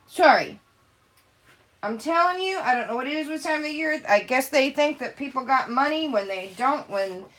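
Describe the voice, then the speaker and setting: A woman vlogging about paper crafting in casual chat, ranting in an animated way and swearing freely as she works at her craft table. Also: on the high side. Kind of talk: casual chat while stamping cards.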